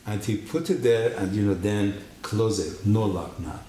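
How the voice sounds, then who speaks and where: Guy telling his testimony in a church, voice jumps high when he quotes people, echoey hall, bit of hiss. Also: moderate pace. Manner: animated storytelling, acting out quotes with big pitch jumps. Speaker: guest giving a testimony. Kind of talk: personal testimony story.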